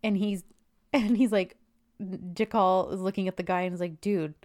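A woman's voice: medium pitch, fairly even intonation, normal speed, darkish tone. A woman chatting casually as a co-host, animatedly retelling TV scenes and acting out the characters' lines. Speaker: co-host recapping a TV series.

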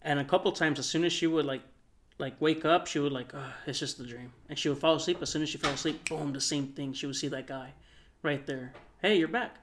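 Soft-spoken man rambling through a story. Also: fairly high pitch, fairly even intonation, a little fast. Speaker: podcast co-host. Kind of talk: casual storytelling.

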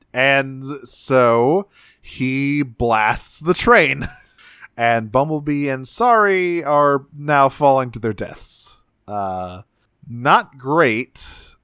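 A man's voice: medium pitch, fairly bright tone, smooth, no echo, studio quality. A man co-hosting a podcast, casually recapping a cartoon episode in a rambling, profane way and acting out characters' lines. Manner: rambling, profane, retells scenes with quick voices. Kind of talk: casual chat.

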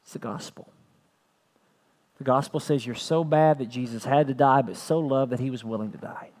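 A man's voice: medium pitch, brisk, darkish tone. A man preaching a sermon as pastor, earnest, repeating phrases and building to emphatic peaks.

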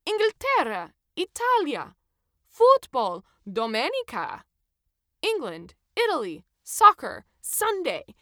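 A woman voicing a jovial, burly male ticket checker who talks loud, drawn-out and gleeful. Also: sits high, lively intonation, clear, resonant tone, no echo, clean studio sound, voice pushed up, exaggerated voice.

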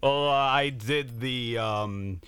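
A man appearing as a guest musician on a podcast, talking quietly in a hesitant, deadpan way. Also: medium pitch, slow pace, clear, resonant tone, no echo. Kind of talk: casual podcast banter.

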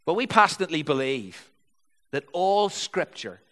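A man's voice: fairly high pitch, sing-song, moderate pace, a bit bright, big-room sound. A man preaching a sermon, reading scripture and explaining it in an earnest, searching way. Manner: earnest, explanatory, reads with feeling.

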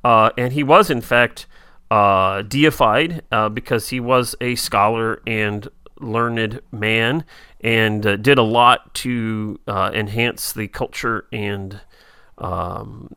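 A man co-hosting a talk show discusses a TV episode slowly in a lowish, bright, forceful voice that is clear and resonant. He's hesitant and filler-prone and reads quotes aloud, recorded dry at studio quality.

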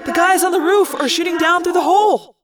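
A woman's voice: fairly high pitch, measured pace, far from the mic. Woman voicing an eager teenage hawk-boy. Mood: frantic. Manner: excited shouting.

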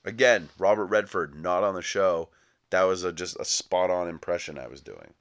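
A man's voice: low voice, moderate pace, clean tone. A young adult man hosting a comedic movie podcast, riffing sarcastically and acting out little scenes. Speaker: podcast host.

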